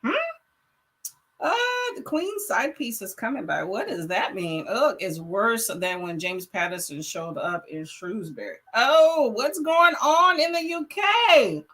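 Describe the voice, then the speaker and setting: A woman's voice: medium pitch, lively intonation, a little slow, fairly bright tone. A young woman hosting a casual reading livestream, greeting viewers and answering their comments in a chatty, laughing way. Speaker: livestream host.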